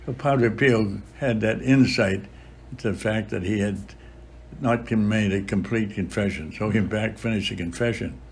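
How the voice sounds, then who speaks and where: A man of about a hundred, a priest recalling his life in an interview, unhurried, with frequent filler pauses. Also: fairly low pitch, gravelly, slight background noise. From Boston area, USA. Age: about 100. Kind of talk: reminiscing in an interview.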